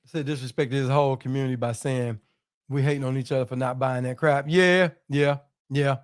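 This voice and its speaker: A man's voice: medium pitch, steady tone, fairly quick. A man hosting a live stream, greeting viewers and reacting to fight clips in loose, slangy banter. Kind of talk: casual live-stream chat.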